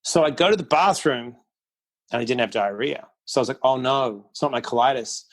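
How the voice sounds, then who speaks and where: A man's voice: mid-range voice, fairly quick. A middle-aged man, a podcast guest, tells a personal story candidly and bluntly, acting out quotes as he goes. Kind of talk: casual storytelling interview.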